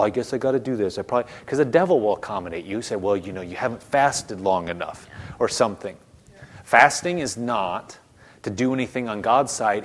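Male pastor, sermon, casual preaching, repeats himself, mid-pitched voice. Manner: conversational preaching, repeats words, acts out quotes in a high voice.

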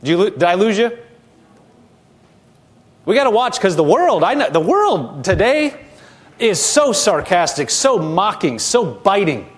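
A man's voice: sits high, very animated, measured pace, pauses often. A male pastor preaching a sermon, asking his congregation questions and repeating words as he goes.

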